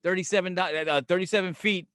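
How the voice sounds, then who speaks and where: New york guy on a podcast, kinda high voice, acts out all the quotes, swears a lot, dry close mic. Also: fast talker, no room sound. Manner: animated storyteller, acts out quotes, profane, laughs often. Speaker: podcast co-host. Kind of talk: casual podcast banter.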